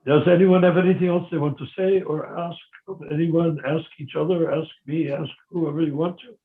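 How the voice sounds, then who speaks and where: An older man leading a devotee meeting by phone, talking casually and animatedly, acting out dialogue with sudden loud outbursts. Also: on the high side, steady tone, normal speed. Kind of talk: casual teaching talk over a phone meeting. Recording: tinny phone line, echoey.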